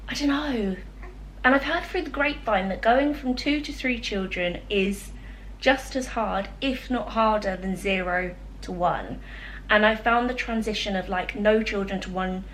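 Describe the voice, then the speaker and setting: A young woman chatting casually to camera at home, gentle and emotional, with lots of fillers. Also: mid-range voice, slight background noise. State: emotional, close to tears. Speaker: vlogger. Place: home, indoors.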